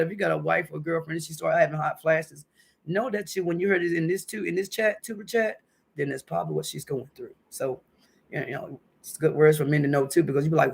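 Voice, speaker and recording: A woman's voice: low-pitched, fairly even intonation, fairly quick, creaky, husky. A woman in her fifties hosting a casual home livestream, chatty and emotional, calling her viewers honey and baby. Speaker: livestream host. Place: at home indoors.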